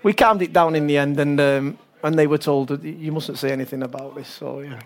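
An older man from England tells anecdotes as an interview guest, laughing often and slipping into the voices of the people in his stories. His voice sits a little high for a man. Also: a little fast. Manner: animated storyteller, laughs often, acts out voices. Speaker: football coach. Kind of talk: talk-show interview.

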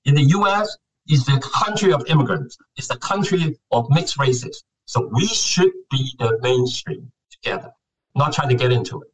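A man's voice: medium pitch, lively intonation, moderate pace, distant mic, a little hiss or hum, low-quality recording. A man, an actor speaking passionately as an interview guest and venting about his frustrations. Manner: passionate, venting, acts out quotes. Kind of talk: candid interview talk.

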